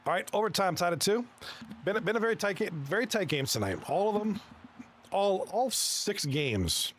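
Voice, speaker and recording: A man's voice: sits high, a little hiss or hum. Upbeat man calling a video game hockey match. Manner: excitable, quick reactions to plays, chuckles often; chats with viewers between plays. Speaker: esports league commentator. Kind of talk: live hockey game commentary.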